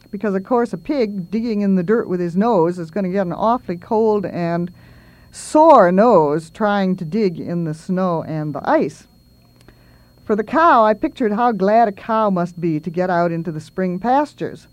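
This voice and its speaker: A woman's voice: mid-range voice, no room sound, highs cut off. A middle-aged woman, a children's author, giving a talk and reading poems aloud with feeling. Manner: slow, expressive reading aloud.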